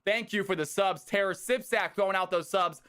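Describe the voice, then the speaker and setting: A male streamer with a high, bright, forceful voice, commentating games live. He talks straight to his viewers with loud, eager energy and plenty of hype. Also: moderate pace, smooth. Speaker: streamer hosting community game nights.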